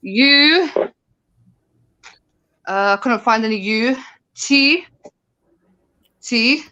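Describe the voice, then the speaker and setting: A woman taking part as a contestant in an online quiz over a video call, casual and quick, laughing as she talks. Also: on the high side, animated, bright, forceful tone, smooth, lo-fi sound.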